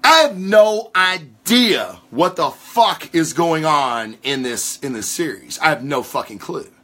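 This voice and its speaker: A fairly high, bright-voiced man hosts a casual comic review show. His pitch swings widely as he rambles and swears through rants, loose and unscripted. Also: measured pace. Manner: swearing, rambling, animated storytelling. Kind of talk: casual ranting show commentary.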